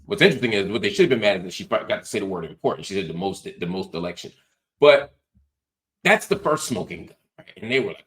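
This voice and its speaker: Low-voiced guy doing sarcastic political commentary, animated and mocking. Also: fast. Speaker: host.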